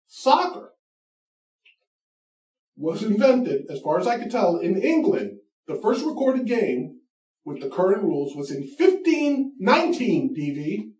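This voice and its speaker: A man's voice: sits high, very animated, unhurried, long pauses, a little mellow. A man hosting a comedy show, ranting in a mocking, profane, emphatic way. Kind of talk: comedic rant. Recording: echoey room, mic far off.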